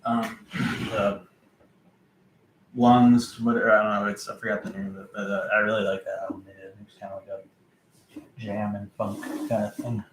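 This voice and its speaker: A man with a fairly low, level voice rambles casually in a vlog about his record collection. He halts often, uses lots of fillers and mutters to himself as he searches, and the sound is roomy with a noisy background.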